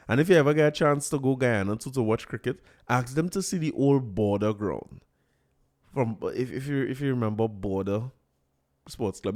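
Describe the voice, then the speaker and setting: A man's voice: medium pitch, darkish tone. Trinidadian male podcast host in his forties, mid-range voice, loose chatty storyteller who laughs easily. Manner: chatty, anecdotal, laughs often, dialect turns of phrase. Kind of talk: casual solo podcast talk.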